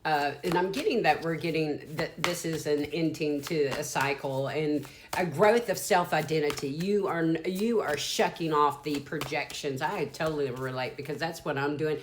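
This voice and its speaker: A woman's voice: low voice, normal speed, background noise. A woman in her fifties with a Southern US accent, giving a rambling, frank and sometimes profane channeled tarot reading. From Deep South, USA. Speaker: psychic tarot reader.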